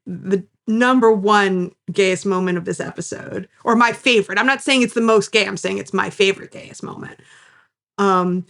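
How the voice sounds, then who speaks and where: A woman co-hosting a podcast, recapping an episode in casual chat and acting out the characters' lines with enthusiasm. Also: mid-range voice. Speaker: podcast co-host.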